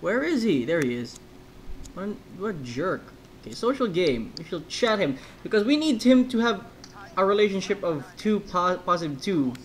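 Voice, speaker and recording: A man's voice: high-pitched, big pitch swings, normal speed, a little hiss or hum, low-quality recording. A man giving casual let's-play commentary, rambling between jokey asides.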